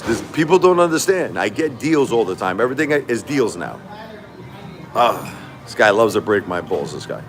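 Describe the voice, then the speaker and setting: A middle-aged man talks straight to his livestream chat, repeating himself for emphasis. His pitch swings widely as he rants, from low grumbles up to sharp protests. Faint music plays under his voice. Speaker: livestream host. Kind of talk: casual livestream talk to chat.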